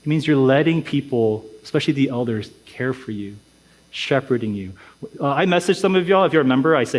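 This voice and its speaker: A man's voice: mid-range voice, fast. A man pastor preaching a sermon in a casual, conversational way, acting out little voices of churchgoers and saying "dude" and "like" often.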